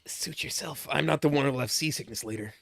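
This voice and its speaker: A man voicing a wry young male traveler in a hushed, breathy voice for a game. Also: medium pitch, quick pace, no echo. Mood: dismissive.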